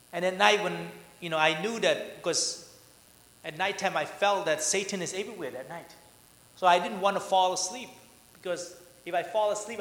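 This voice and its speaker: A man's voice: fairly high pitch, fairly bright tone. A man preaching a sermon as pastor, asking his listeners questions and answering them himself. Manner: dynamic preaching, asks the congregation questions. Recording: echoey church hall.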